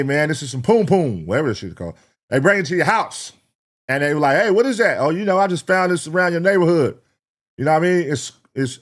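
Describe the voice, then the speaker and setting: Male reaction streamer, casual and profane, chatty with the audience. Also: on the high side. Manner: profane, rambling, talks to chat. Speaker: reaction show host.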